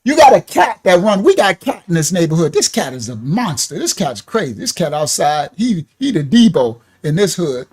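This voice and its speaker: A man's voice: fairly high pitch, big pitch swings, moderate pace, few pauses, darkish tone, husky. A man preaching casually, telling a story in slangy street talk, laughing often and swinging his voice up and down.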